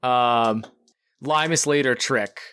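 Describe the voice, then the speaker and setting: A man running a tabletop game as game master, narrating scenes in a relaxed, supportive way with frequent fillers. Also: mid-range voice, slow pace, background noise.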